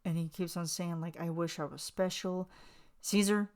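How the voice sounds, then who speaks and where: A woman hosts her own podcast, talking through a music video as a fan. Her voice sits a little low, and she rambles emotionally, full of fillers and restarts. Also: fairly even intonation, moderate pace, a little mellow. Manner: gushing, emotional, lots of fillers. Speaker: podcast host. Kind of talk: casual fan commentary.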